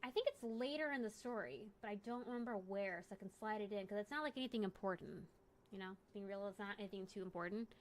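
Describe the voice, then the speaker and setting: A woman's voice: mid-range voice, fast. A young adult woman streaming a game, telling a story in a casual, rambling way, often correcting herself and joking. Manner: rambling, self-correcting, jokey. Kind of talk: casual storytelling while gaming.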